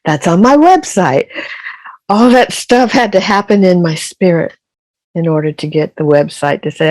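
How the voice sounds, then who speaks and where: A woman's voice: fairly low pitch, moderate pace, a little mellow, no echo. An older woman, a podcast guest, telling her story with emphatic, repeated phrases. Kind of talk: casual interview storytelling.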